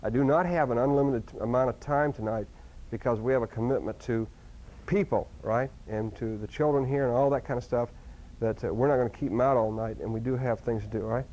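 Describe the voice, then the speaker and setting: Animated male seminar speaker, dull lo-fi sound. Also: mid-range voice, fairly quick. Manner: animated, with sudden loud outbursts and many restarts. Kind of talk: live seminar talk to an audience. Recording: dull lo-fi recording.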